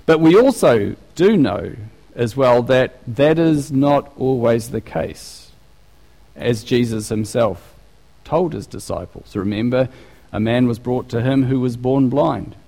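A man delivers a sermon with lively, conversational energy, stopping and restarting his phrases as he works through his point. His voice sits at an ordinary middle pitch and carries a long reverb, as if preaching in a large church hall. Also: slow pace, gravelly. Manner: animated, conversational, with frequent restarts.

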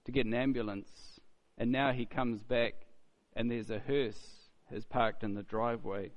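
A man's voice: medium pitch, in a large hall, rough recording. A man preaching a conversational sermon, asking the listeners rhetorical questions and acting out the voices he quotes. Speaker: pastor.

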